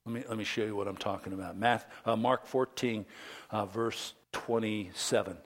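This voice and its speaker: A man pastor preaching a sermon, dramatic, dropping to whispers and rising to loud emphasis. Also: on the low side, steady tone, normal speed.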